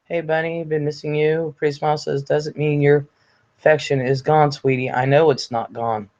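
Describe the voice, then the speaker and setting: A man's voice: on the high side, flat delivery, normal speed, a little mellow. Older man chatting on a lo-fi livestream. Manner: chatty, blunt, swears freely. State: recovering from illness, congested. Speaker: livestream host. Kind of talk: casual livestream chat, reading viewer comments aloud. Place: at home. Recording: slightly dull lo-fi audio.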